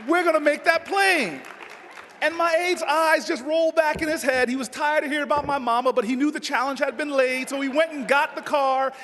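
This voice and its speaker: A man giving a humorous dinner speech, telling an animated story and often shouting. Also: very high-pitched, brisk, few pauses, some chatter behind. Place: large dinner hall. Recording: long hall reverb, faint noise.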